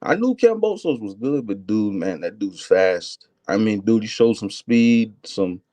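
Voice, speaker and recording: Casual: excited guy calling in, rambles w/ lots of fillers, dry sound. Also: on the low side, measured pace, no room sound. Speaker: caller. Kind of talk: casual phone-in chat.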